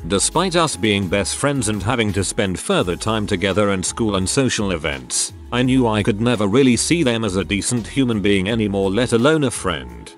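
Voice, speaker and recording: A man narrating online stories in a steady scripted reading. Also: lowish voice.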